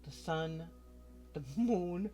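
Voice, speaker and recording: A casual tarot reading delivered straight to the viewer at a middling pitch. The reader talks frankly and chattily and curses freely. A faint bed of music sits underneath. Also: expressive, drawn-out words, mellow.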